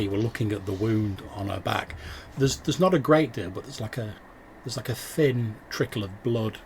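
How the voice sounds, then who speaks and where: A low-pitched man with a gravelly edge to his voice runs a tabletop game as game master. He sets scenes in a descriptive, unhurried way, with faint noise in the background.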